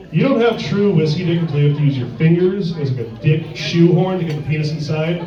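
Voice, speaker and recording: A man's voice: fairly high pitch, expressive, fast talker, few pauses. A man doing a stand-up comedy set in a sports bar, crude and rambling, full of filler words. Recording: echoey bar, distant dull mic, crowd.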